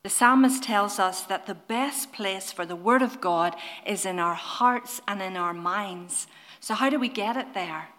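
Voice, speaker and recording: Woman preaching a sermon, earnest and gentle, keeps asking the congregation questions. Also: mid-range voice, measured pace.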